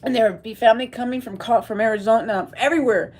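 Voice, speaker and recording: A woman's voice: on the high side, fast talker, darkish tone. A woman from Texas talking to viewers on a livestream, rambling and emotional, reading and answering the chat as she goes. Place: at home.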